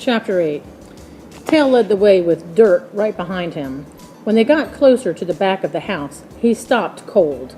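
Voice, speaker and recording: A woman reading a children's book aloud in a slow, expressive storytelling manner. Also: medium pitch, faint music behind.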